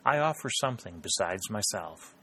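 A man's voice: on the low side, animated, moderate pace, sharp tone, slightly rough, exaggerated voice. A man reading a proud, ardent male secretary who pleads his love in an audiobook.

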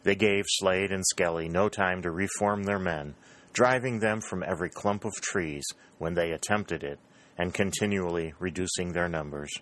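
A man reading an adventure novel aloud as audiobook narration, in a steady storytelling manner that rises for the shouted lines. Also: low-pitched, normal speed. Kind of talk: scripted narration.

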